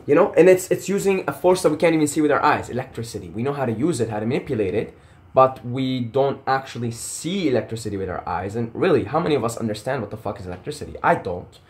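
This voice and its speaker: Man ranting passionately about slowing down. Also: mid-range voice, lively intonation. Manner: passionate, swearing, rambling with many tangents. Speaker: vlogger. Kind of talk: casual rant to camera.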